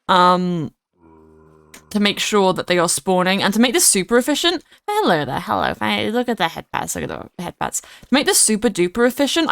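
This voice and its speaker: A woman's voice: medium pitch, clear, resonant tone, dry recording. A woman streaming herself playing a game, chatting and rambling casually as she greets viewers by name. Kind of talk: casual livestream gameplay chat.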